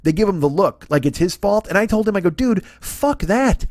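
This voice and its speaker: A man in his forties rattles through a swear-filled comedic rant at a rapid clip. His voice sits a little high for a man, and the sound is close and dry with no room around it. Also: a little mellow, no echo. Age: 40s. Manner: ranting, heavy swearing. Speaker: comedian podcast host. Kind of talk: profane comedic monologue.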